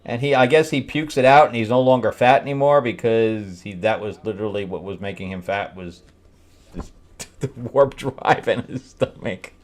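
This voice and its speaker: A man with a voice on the low side, speaking at a moderate pace, hosts a casual comic book review. A screenwriter by trade, he's wry and mocking and often breaks into laughter.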